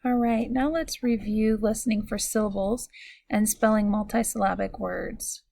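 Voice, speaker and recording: A woman teacher leads a recorded phonics lesson at a deliberate, clear pace. Her mid-pitched voice has a slight gravelly fry. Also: steady tone, dark tone. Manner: slow, clear, instructive.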